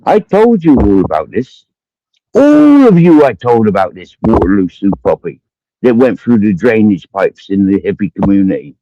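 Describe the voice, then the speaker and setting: A man's voice: lowish voice, big pitch swings, normal speed, no room sound. Swearing Cumbrian man ranting. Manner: accusatory, swearing constantly, repeats himself. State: drinking during the stream. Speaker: livestreamer. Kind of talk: angry profane rant. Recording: dull lo-fi stream audio.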